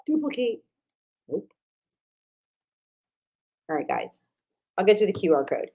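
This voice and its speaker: A chatty woman runs a live online workshop on a computer mic. Her pitch swings widely as she talks straight to her viewers. She drops to low mutters under her breath whenever her slides act up. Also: big pitch swings, a little slow, mellow. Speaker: online marketing coach hosting a live workshop. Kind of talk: live-streamed workshop talk.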